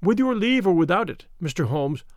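A worried housekeeper in her later years, speaking in a raised, urgent voice that rises higher as she pleads, as a man puts her on. Her talk is earnest, respectful and fretful. The sound is dry and close to the mic. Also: very animated, fairly quick, darkish tone, dry recording. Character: anxious devoted older female housekeeper.

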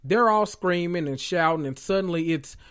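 A man hosting a podcast, recapping reality TV in a loud, profane, animated way with sudden high squeals. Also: moderate pace, clean tone. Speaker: podcast host.

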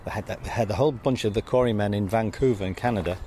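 A man's voice: lowish voice, racing, warm tone, slight background noise. An older man, telling wry anecdotes in an interview, outdoors by a road. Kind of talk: anecdotal conversation.

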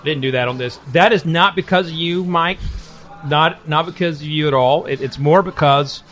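A man's voice: on the high side, moderate pace, a bit bright, soft background music. A man hosting a food and drink podcast from a bar, talking in a loose, joking, rambling way. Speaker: podcast host. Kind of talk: casual chat.

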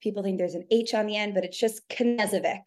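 A woman's voice: medium pitch, steady tone, fast, dark tone. A young woman from New York, a radio producer and host, telling stories in a chatty podcast interview. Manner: chatty, storytelling with lots of "like".

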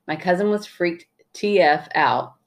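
A woman's voice: fairly low pitch, expressive, measured pace, creaky. A young adult woman co-hosting a podcast, casually reading out a listener's story and teasing her co-host, laughing easily.

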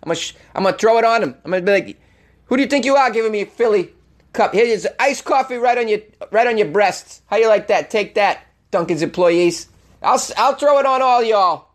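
A man's voice: high-pitched, animated, brisk, pitched above the performer's own voice. A man voicing a brash, hot-headed sports fan with a Boston accent, ranting and swearing. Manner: ranting, swearing, laughing at himself. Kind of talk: comedy character rant.

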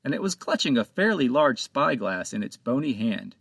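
Man, storybook narrator, lively pitch, dry close sound, medium pitch. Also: normal speed, creaky, slightly rough, dry recording. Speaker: author and narrator.

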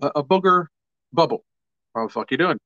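A man's voice: on the high side, expressive, a little fast, bright, forceful tone, dry recording, highs cut off. A man hosting a casual livestream, chatting loosely with viewers, swearing freely and upbeat about his products. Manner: casual, profane, upbeat, reads viewer comments aloud. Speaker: livestream host.

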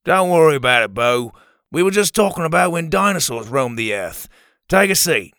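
A man putting on a beaming male camp counselor with a thick accent, pitched well above the narrator's own voice and projected loudly, upbeat and welcoming. He reads as a storybook teacher figure, lively in tone, in a dry, close recording. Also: moderate pace, dry recording. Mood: cheery. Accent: thick unnamed accent. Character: handsome adult male dino-camp counselor, cheery.

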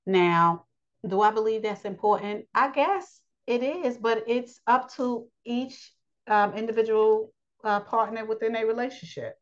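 A woman giving a blunt, preachy spoken lesson on relationships, pausing often with fillers. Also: on the high side, highs cut off. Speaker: teacher of a daily lesson.

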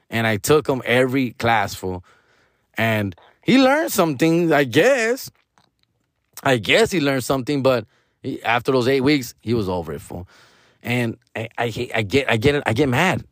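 A man's voice: mid-range voice, dry recording, clean studio sound. A man, telling stories in a casual, profane way, tossing in "fool", "dog" and Spanish slang. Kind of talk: casual storytelling chat.

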